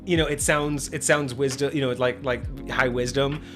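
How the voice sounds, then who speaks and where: Man host, mid pitch, loose rambling delivery full of "like" fillers, chill music under him. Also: fairly even intonation, moderate pace. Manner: rambling, heavy use of "like" and restarts. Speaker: host of a tabletop gaming stream. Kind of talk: casual livestream chat.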